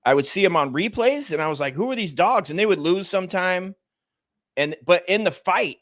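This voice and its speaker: A man's voice: high-pitched, animated, a little fast, fairly bright tone. An American man co-hosting a casual comedy podcast, rambling and profane, trailing off mid-sentence. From United States. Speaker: co-host.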